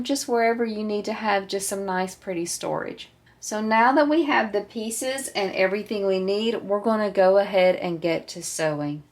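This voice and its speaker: Calm woman teaching a sewing tutorial. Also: mid-range voice. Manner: calm, patient, walks through each step. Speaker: sewing instructor.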